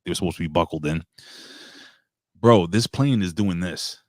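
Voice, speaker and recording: A man hosting a casual show, telling stories excitably with lots of swearing and giving loud, hype-style introductions. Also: sits low, moderate pace, dry recording, clean studio sound. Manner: excitable, profane storytelling with hype announcer intros. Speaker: podcast host. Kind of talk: casual chat.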